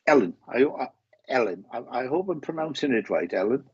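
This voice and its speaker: A Welsh man with a husky, slightly muffled voice, sounding dry and close to the mic. He gives live readings with halting speech, repeating words and restarting his sentences. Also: mid-range voice, sing-song, darkish tone, no room sound. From Wales. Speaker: medium giving live readings. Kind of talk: live-stream readings to viewers.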